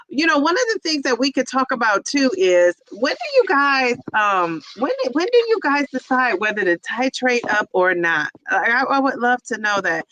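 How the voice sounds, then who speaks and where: A woman's voice: fairly high pitch, sharp tone, dry recording, poor audio. A woman teacher hosting a casual livestream, reading viewer comments, laughing often and stretching out names in a sing-song way.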